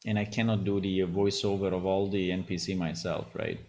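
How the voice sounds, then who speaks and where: A man from Italy with an Italian accent, a game developer host talking casually while browsing, halting and restarting as he thinks aloud. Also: sits low, little pitch movement, darkish tone, a little hiss or hum. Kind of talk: casual screen-share talk.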